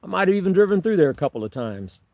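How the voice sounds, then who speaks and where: A man's voice: high voice, sing-song, racing, gravelly, darkish tone, no room sound, muffled recording. A man doing a casual livestream from a remote forest campsite, answering viewer comments in a rambling way with chuckles and restarts. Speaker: Bigfoot researcher vlogger. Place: camping on remote forested property.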